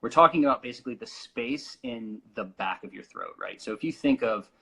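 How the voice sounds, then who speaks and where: A young man coaching singing, explaining voice terms casually with many fillers and quick sung demonstrations. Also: medium pitch, animated, fairly bright tone, breathy edge, rough recording. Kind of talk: casual vocal instruction.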